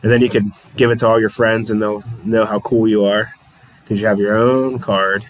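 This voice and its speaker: This Pittsburgh-area streamer narrates a tabletop wrestling card game blow by blow, reading the chat and often laughing in a self-deprecating way. He speaks in a lowish, level voice at a moderate pace, and the audio is poor.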